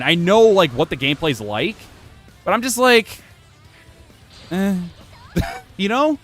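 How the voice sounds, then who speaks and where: Male gaming streamer, animated and rambling, self-deprecating and profane, faint music behind. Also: sits high. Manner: rambling, self-mocking, swears freely. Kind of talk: casual gameplay commentary. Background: faint music playing from his computer.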